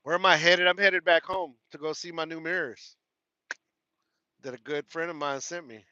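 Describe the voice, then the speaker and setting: A man's voice: a little high, fairly even intonation, normal speed, sharp tone, no room sound, dull audio. A man with a Texas country twang hosting a casual live stream from his truck cab, reading viewer comments, laughing often and repeating his thanks. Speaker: trucker livestream host.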